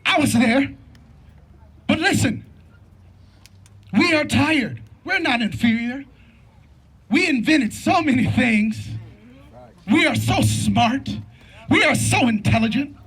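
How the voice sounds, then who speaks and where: A man's voice: very high-pitched, lively intonation, slow, pauses often, fairly bright tone, husky. A middle-aged man giving an impassioned rally speech at a street protest, fervent and repetitive with a preacher-like cadence. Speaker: protest speaker. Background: faint crowd.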